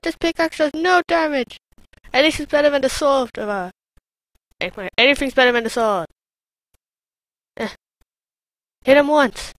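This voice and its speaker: A woman commenting on her own gameplay in a let's play, excitable and shouting taunts at enemies. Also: sits high, moderate pace, pauses often, dry recording, poor audio. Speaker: gamer.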